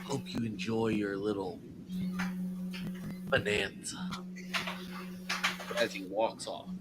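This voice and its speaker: A man voicing a smug male wrestling general manager who lays out a rematch in loud declarations. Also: lowish voice, slow pace, very noisy, voice pushed down. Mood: taunting.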